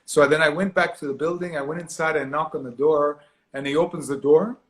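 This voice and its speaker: Man, fairly high voice, lively storyteller, acts out voices, video call. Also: a little fast. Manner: animated, acts out quoted voices, laughs often. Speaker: actor guest. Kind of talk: storytelling interview.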